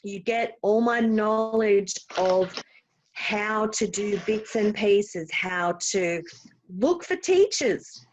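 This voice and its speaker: A woman's voice: medium pitch, lively intonation, slow pace, poor audio. A woman from Australia, a guest in a podcast interview, explaining things in a bubbly way and laughing readily. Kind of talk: casual interview chat.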